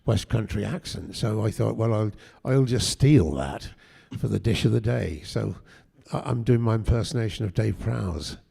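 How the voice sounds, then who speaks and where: A man's voice: on the low side, expressive, moderate pace, vocal fry, few pauses, warm tone, husky. An older man, a guest actor, telling chatty anecdotes at a convention panel interview, with frequent restarts. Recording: echoey hall.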